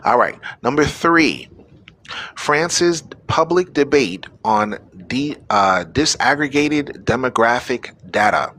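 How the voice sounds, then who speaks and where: A man's voice: mid-range voice, animated, takes it slowly, pushed and bright. A man hosting a live-streamed news show, delivering preachy, exhorting commentary to his audience. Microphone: phone or webcam on a live stream.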